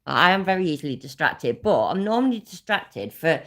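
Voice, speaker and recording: A woman's voice: low-pitched, very animated, normal speed. A woman from Leicester with an East Midlands accent, hosting a casual live stream and ranting in rambling, sweary bursts that speed up. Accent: East Midlands English. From Leicester, England.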